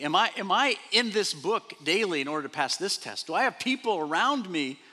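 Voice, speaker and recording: A man pastor preaching a sermon, animated, repeating phrases and acting out quoted speech. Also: on the high side, breathy edge. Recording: long reverb of a large hall.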